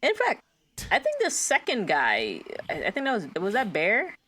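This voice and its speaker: An American woman co-hosting a casual movie podcast, animated and acting out quoted lines. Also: normal speed. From United States. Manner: animated, acts out quotes with big pitch jumps. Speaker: podcast co-host.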